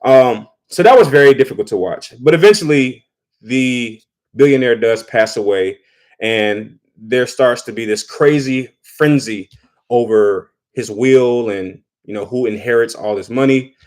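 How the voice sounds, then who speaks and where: A man's voice: medium pitch, measured pace, a little mellow. A man giving casual spoken commentary, talking loosely and often repeating words as he thinks. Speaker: vlogger.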